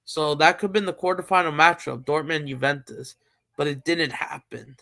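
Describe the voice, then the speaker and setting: A man hosting a live stream talks football in a loose, rambling way, restarting and filling pauses as he thinks. His voice sits a little high and carries a gravelly rasp. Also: bright, forceful tone. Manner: rambling, thinks aloud with many fillers and restarts. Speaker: streamer host. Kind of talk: casual football chat.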